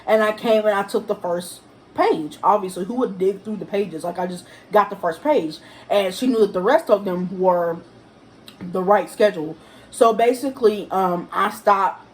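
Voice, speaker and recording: Young woman telling an animated storytime. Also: normal speed, slight background noise, poor audio. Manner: animated, acts out quotes in a higher voice. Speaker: vlogger. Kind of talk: casual storytime vlog.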